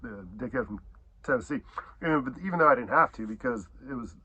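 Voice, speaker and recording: A man's voice: mid-range voice, expressive, quick pace, pushed and bright, slight background noise. A middle-aged man telling a profane, rambling story in a casual way, adding sound effects. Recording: dull lo-fi recording.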